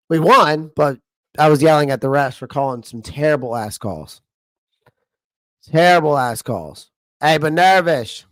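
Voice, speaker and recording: Young guy on a livestream, voice going hoarse, fed up, laughs a lot, dry sound. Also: a little high, lively intonation, a little slow, a bit bright, no echo. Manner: frustrated, blunt, laughs often. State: losing his voice. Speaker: livestream host. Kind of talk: casual livestream chat.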